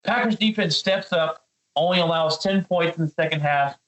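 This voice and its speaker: A man's voice: fairly high pitch, moderate pace, fairly bright tone, low-quality recording. Fired-up man ranting about football. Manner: fired up, ranting, repeats words; addresses his co-host by name often. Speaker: podcast co-host. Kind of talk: heated sports talk.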